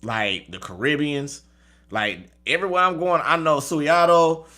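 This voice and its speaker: A man's voice: fairly high pitch, measured pace, bright, forceful tone. A man who reads tarot, chatting casually with his viewers, often asking "okay?" and laughing at his own stumbles. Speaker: tarot reader. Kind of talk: casual livestream chat.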